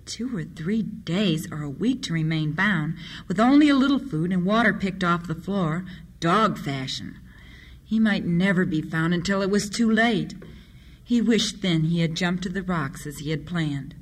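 Steady children's storyteller. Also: medium pitch, a little slow. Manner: steady, expressive reading. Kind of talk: reading children's stories aloud.

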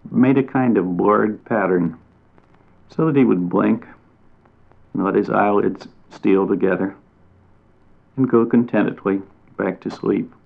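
A man reading a children's storybook aloud in a gentle, unhurried way, lingering on descriptive phrases. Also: lowish voice, vocal fry. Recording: tinny phone-like audio.

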